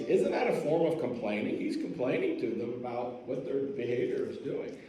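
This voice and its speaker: A man's voice: medium pitch, sing-song, fairly quick, hardly any pauses, warm tone, echoey room, slight background noise, poor audio. A man preaching a sermon as a pastor, telling the story in a conversational way and putting questions to the congregation. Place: church sanctuary.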